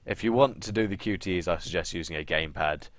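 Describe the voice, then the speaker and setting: Low-voiced sarcastic young man, dry sound. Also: fast talker, no room sound. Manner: sarcastic, swears often, acts out quotes. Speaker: podcast co-host. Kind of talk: casual chat.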